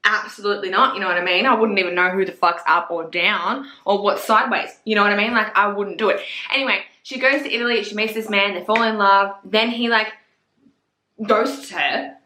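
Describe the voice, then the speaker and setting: A woman's voice: medium pitch, fairly even intonation, fairly quick, bright, forceful tone, reverberant. A woman chatting casually as a book reviewer, gushing and swearing freely. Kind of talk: casual chat.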